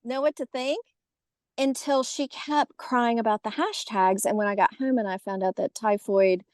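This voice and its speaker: A middle-aged woman with a Southern American accent, a podcast guest telling a personal story in casual conversation, lively and acting out the voices she quotes. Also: fairly high pitch, normal speed, dry recording. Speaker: podcast guest, haunted tour organizer.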